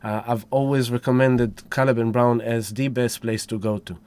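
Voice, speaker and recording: A man's voice: medium pitch, steady tone, normal speed, darkish tone, clear, resonant tone. A man hosting a casual livestream, effusive and whooping as he greets viewers one by one. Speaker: livestream host.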